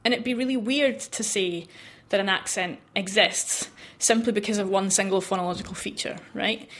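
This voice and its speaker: A woman researcher explains her linguistics work in a radio interview. Her voice sits in a middle pitch, and she talks in a lively, explanatory way and laughs easily. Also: moderate pace.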